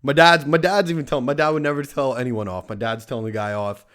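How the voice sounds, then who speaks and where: A man's voice: medium pitch, steady tone, quick pace, fairly bright tone. Young guy ranting about a wedding party, swears a ton, keeps saying right. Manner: profane, rambling, lots of "right?" tags. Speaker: podcast host. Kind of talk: casual storytelling monologue.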